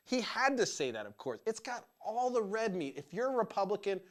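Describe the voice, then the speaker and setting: A man's voice: sits high, big pitch swings, brisk, a bit bright. Angry, sweary male political ranter. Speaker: podcast host. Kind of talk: profane political rant.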